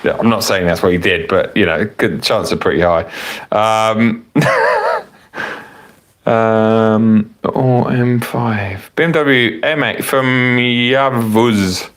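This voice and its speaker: A man's voice: lowish voice, very animated, slow, fairly bright tone. A man hosting a casual live Q&A about cars, chatting in a rambling, self-correcting way and a little tipsy from wine. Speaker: car vlogger hosting a live Q&A. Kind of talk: casual live-stream chat reading viewer comments.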